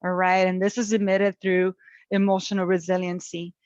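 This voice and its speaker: A woman's voice: on the low side, flat delivery, normal speed, no room sound, lo-fi sound. Encouraging woman presenting a webinar. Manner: warm encouraging, chatty with fillers. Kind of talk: webinar talk on parenting resilience.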